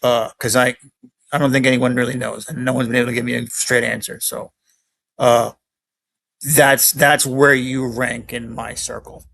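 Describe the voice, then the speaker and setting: A man delivering a mock wrestling promo at a mid pitch. He rambles with plenty of fillers and brushes his opponent off. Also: level tone, normal speed, gravelly, fairly bright tone. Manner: rambling and dismissive, full of fillers. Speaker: podcaster cutting a promo.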